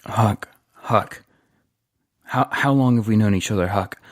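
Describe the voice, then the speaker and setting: A man's voice: lowish voice, a little slow, no echo, clean studio sound, close to an everyday voice. A man voicing a weary, ambitious male ex-saboteur who talks earnestly and gets emotional.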